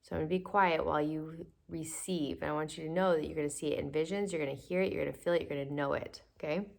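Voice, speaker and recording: A woman leads a guided evening prayer, her low voice carrying a gravelly edge. She speaks slowly and soothingly, coaxing listeners along with gentle repetition and audible sighing breaths. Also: steady tone.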